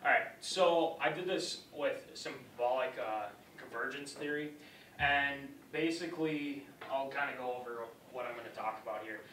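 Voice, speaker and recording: Young man, student presenter, casual rambling talk, bright voice, echoey classroom, far camera. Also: mid-range voice, moderate pace, a little hiss or hum. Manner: casual, rambling, loose phrasing. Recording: roomy classroom sound, from far off.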